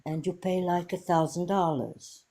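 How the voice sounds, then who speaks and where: A woman's voice: lowish voice, fairly even intonation, moderate pace, dark tone. A woman from Portugal with a Portuguese accent, a polite and earnest caller who apologizes often. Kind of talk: casual debate call.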